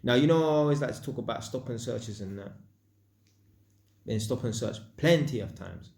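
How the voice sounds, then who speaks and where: A man's voice: mid-range voice, expressive, normal speed, gravelly, a little mellow, roomy sound. A man vlogging, telling a personal story in casual slang and acting out sound effects. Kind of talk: storytelling monologue.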